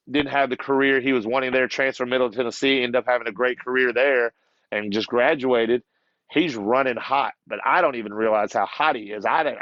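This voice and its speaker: A man who is a basketball coach, telling a lively story as a podcast guest, acting out other people's lines and laughing often. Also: mid-range voice, no room sound, dull audio. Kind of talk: casual storytelling.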